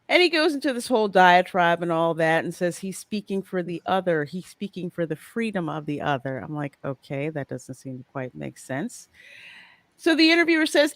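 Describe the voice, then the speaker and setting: A woman co-hosts a podcast and retells an interview with weary exasperation. Her voice swings widely in pitch. The recording is dry, with no room sound. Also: big pitch swings, moderate pace, no echo. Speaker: podcast co-host. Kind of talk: casual chat.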